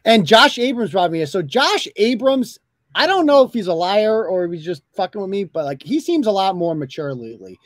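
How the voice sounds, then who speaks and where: Brisk and sing-song, this high-voiced man hosts a live talk show recorded with no room sound. His chat is loose and rambling, blunt, and full of swearing.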